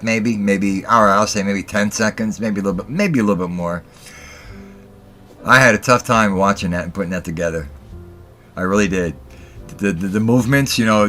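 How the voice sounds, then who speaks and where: A man's voice: lowish voice, sharp tone. A man hosting a casual livestream chat, giggling constantly and breaking into laughter mid-sentence. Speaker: livestream host.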